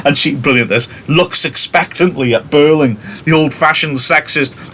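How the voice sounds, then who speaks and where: A man's voice: on the high side, normal speed, few pauses, a bit bright, a little hiss or hum. A man from the United Kingdom, a teacher, reading a play aloud to his class and adding chatty, wry, self-mocking commentary.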